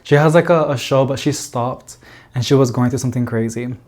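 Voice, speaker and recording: A man's voice: medium pitch, a little fast, darkish tone. A man chatting casually to camera as a plant vlogger in an indoor plant room, rambling with lots of fillers and little laughs.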